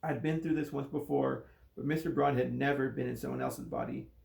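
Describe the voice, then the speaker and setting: A man's voice: mid-range voice, fairly quick, creaky, reverberant. A man, a coach, reading a children's novel aloud with voiced dialogue. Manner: steady storytelling with voiced dialogue.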